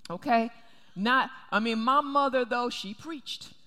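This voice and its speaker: A woman's voice: fairly high pitch, a little slow, pushed and bright. Emphatic woman preaching in an echoey hall. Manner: emphatic, repeats key phrases. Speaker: pastor. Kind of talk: sermon. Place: church sanctuary.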